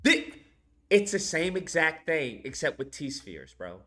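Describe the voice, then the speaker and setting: A man reviewing a film in a casual rant, animated and profane, laughing as he recaps scenes. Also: fairly high pitch, slow pace, soft background music.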